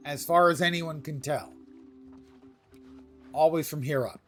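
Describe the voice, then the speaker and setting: Guy streaming a game, kinda high voice, keeps poking fun at himself, soft music behind. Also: measured pace, long pauses. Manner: self-deprecating, joking. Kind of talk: casual live-stream commentary.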